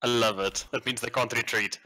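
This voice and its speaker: A man playing a tabletop game, eager and excitable, swearing freely. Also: mid-range voice, fairly quick, poor audio. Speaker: player. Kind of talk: casual tabletop game chat.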